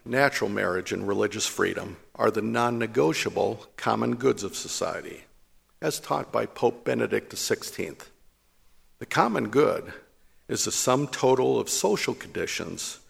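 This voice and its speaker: Gravelly-voiced man preaching a sermon. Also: medium pitch, a bit bright, long reverb tail.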